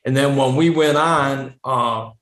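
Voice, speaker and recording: A man's voice: mid-range voice, slow pace, a bit bright. A man in his forties, a metal guitarist guest telling band stories in a casual, rambling way and swearing a lot. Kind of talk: casual storytelling chat. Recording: echoey room.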